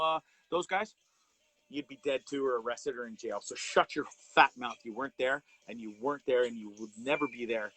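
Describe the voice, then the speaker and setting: A man's voice: medium pitch, a bit bright, low-quality recording. A man hosting a live show, delivering impassioned commentary in an angry, profane way, often repeating and restarting words. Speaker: host of a live wellness show.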